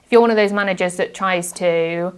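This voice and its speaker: A woman's voice: lowish voice, fairly quick, clear, resonant tone. Earnest woman podcast guest. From United Kingdom. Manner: earnest, reflective, acts out example phrases. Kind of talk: casual interview chat.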